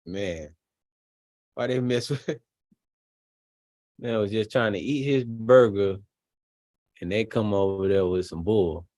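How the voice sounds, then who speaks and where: A man casually commenting on a video he is watching, relaxed and chuckling often. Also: fairly low pitch, slow pace, pauses often, no room sound. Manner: laid-back, chuckling often. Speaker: streamer reacting to a video.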